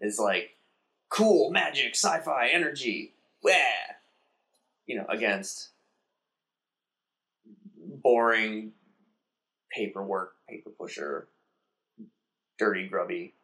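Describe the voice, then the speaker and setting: A man in casual conversation, animatedly retelling a film's plot and briefly acting out the characters in quick put-on voices. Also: on the low side, bright, forceful tone. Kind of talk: casual chat.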